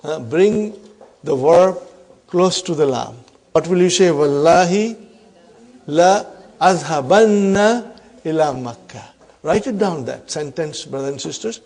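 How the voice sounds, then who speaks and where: A man teaching an Arabic grammar class, repeating example sentences slowly and often checking in with the students. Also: on the high side, animated, a little mellow. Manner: checks in often with "huh?" and "are you with me".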